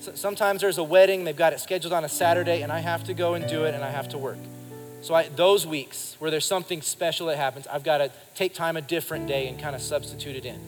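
Speaking quickly in a slightly high, steady voice, a man in his thirties delivers an emphatic sermon at a church service, urging the congregation to respond. Music plays behind him, and the live recording carries the echo of a reverberant hall.

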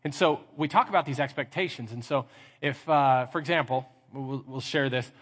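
A middle-aged man preaching a sermon as pastor, lively and acting out little scenes in mock voices. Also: medium pitch, moderate pace, husky. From Texas. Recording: reverberant church hall.

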